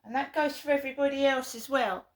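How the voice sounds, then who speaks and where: A woman's voice: high voice, fairly even intonation, fast. A woman venting emphatically in a vlog, repeating her points in an aggrieved way. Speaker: vlogger.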